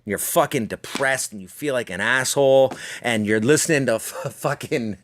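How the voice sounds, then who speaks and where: A man's voice: mid-range voice, fairly bright tone. Profane, rambling male podcast host. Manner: swears constantly, rambling, self-mocking; slips into voicing people in his anecdotes. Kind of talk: profane storytelling monologue.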